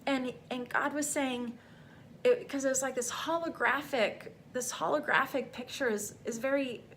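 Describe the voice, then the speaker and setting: A woman's voice: high-pitched, fairly even intonation, normal speed, fairly bright tone, a little hiss or hum. A middle-aged woman vlogging a personal faith testimony, talking in a rambling, heartfelt way full of fillers.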